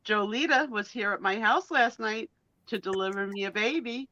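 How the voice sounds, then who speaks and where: A woman telling stories in a casual live-stream chat, animated and quick to laugh, acting out what people said. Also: mid-range voice, no room sound. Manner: animated storyteller, quick laughs, acts out quotes. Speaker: guest co-host of a live sale chat. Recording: dull, dry lo-fi stream audio.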